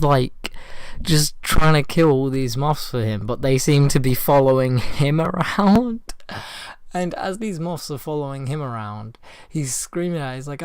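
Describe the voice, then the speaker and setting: A man with a hoarse voice from a cold, telling a story to his viewers in a casual, rambling way with lots of fillers. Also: medium pitch, dry recording. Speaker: vlogger.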